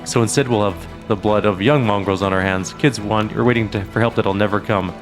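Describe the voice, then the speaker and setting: A man's voice: on the low side, fairly even intonation, a little fast, over music, close to an everyday voice. A man voicing an idealistic young male mongrel from a fantasy game, reading his lines indignantly.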